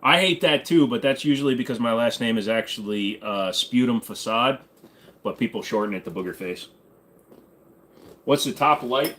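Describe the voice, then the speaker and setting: Brief: male streamer host, casual joking Q&A, easygoing and irreverent, mid-pitched. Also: normal speed, fairly bright tone. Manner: joking, irreverent, answers chat while tinkering with gear. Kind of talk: casual livestream Q&A chat. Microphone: desk microphone.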